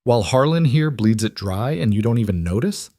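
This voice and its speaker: A man voicing a cold, treacherous male ranch hand with a gun, speaking calmly and bitterly. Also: medium pitch, a little fast, no room sound.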